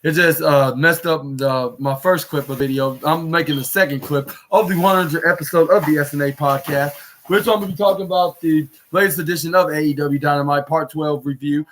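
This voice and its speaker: A young man hosting a podcast, recapping wrestling in a casual, halting way with many fillers and restarts. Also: fairly high pitch, fairly even intonation, a bit bright, slight background noise. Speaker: podcast host.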